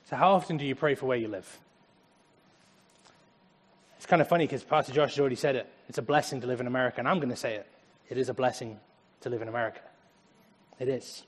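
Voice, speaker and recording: A young man preaching a lively sermon in a church, laughing often as he talks. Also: mid-range voice, big-room sound. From Germany. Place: church sanctuary.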